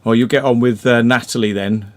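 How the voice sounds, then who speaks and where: A man's voice: medium pitch, fairly even intonation, brisk. Chatty Welsh man hosting a live stream. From Wales. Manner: chatty, rambling, many fillers and restarts. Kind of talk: casual live-stream chat.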